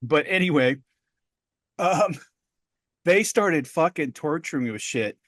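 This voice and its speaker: A middle-aged man co-hosting a podcast, telling a story in a profane, animated way. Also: on the high side, unhurried, dry recording, clean studio sound. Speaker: podcast co-host. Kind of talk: casual podcast chat.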